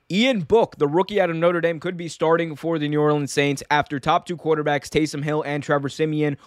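A young man talks sports in a casual, animated way, firing off opinions and restarting his sentences. His voice is smooth and clear, recorded close and dry with no room sound. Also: fairly high pitch, dry recording. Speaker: sports show host.

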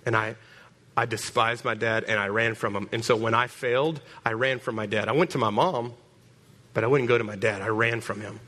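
Animated preacher man, bright voice. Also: on the low side, a little fast. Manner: animated, repeats words, calls out to congregation. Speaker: pastor. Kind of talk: storytelling sermon.

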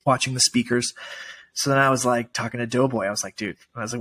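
A man in casual conversation as a podcast guest, telling a story in an excited, emotional way, full of "like" and "dude". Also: mid-range voice, fairly quick.

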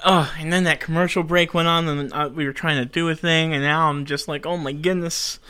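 A man's voice: a little high, steady tone, brisk, bright, forceful tone, clean tone. A young man hosting a live show in casual chat, rambling and frustrated by technical trouble. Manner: frustrated, rambling, self-mocking. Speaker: show host.

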